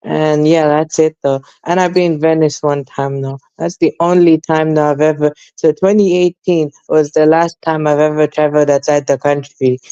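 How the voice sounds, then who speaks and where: Young London man, flat rambling chat. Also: on the high side, clean tone, no echo, dull audio. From England. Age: young adult. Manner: rambling, repeats fillers like "basically" and "though". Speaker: guest. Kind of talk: casual chat.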